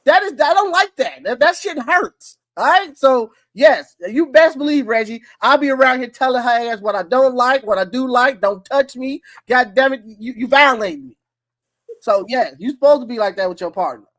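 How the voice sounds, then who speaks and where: A man in his thirties hosting a podcast, telling loud, profane, animated stories in casual chat. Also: extremely high pitch, moderate pace, no echo. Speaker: podcast host.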